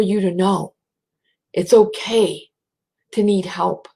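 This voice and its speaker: Slow, gravelly-voiced American woman with a twang. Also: lowish voice, steady tone. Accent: American rural twang. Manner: slow, soft, drops to a whisper at times. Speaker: spiritual speaker. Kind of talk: slow reflective talk with guided breathing.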